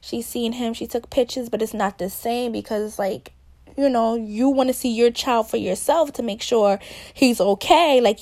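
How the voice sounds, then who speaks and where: A woman's voice: fairly high pitch, normal speed, darkish tone. Young woman telling her birth story, emotional. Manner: rambling, candid, with frequent fillers and restarts; emotional, voice rising when upset. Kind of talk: casual spoken story, voice message.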